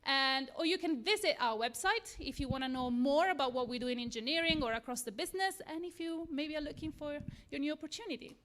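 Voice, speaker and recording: A woman with an Italian accent speaks on stage in a fairly high voice. Her delivery is earnest and slightly nervous, with a self-deprecating edge. It sounds like a live lightning talk in front of an audience. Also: fast, few pauses, a bit bright. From Italy. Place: event room with a live audience.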